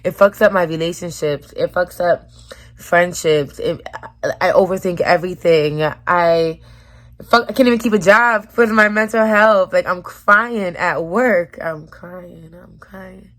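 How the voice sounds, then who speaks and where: A woman's voice: on the low side, moderate pace, a bit bright. A woman vlogger talking frankly and emotionally into the camera, with casual slang and swearing. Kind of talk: candid personal vlog talk.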